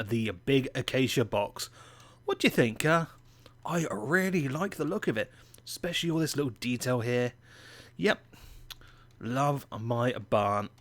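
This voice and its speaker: An English man from England talking through a video game tour in a chatty, playful way. His voice sits at an ordinary middle pitch, and he mocks himself now and then as he goes. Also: fairly bright tone, no room sound. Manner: chatty, playful, self-mocking. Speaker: gaming channel host. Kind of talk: gameplay commentary.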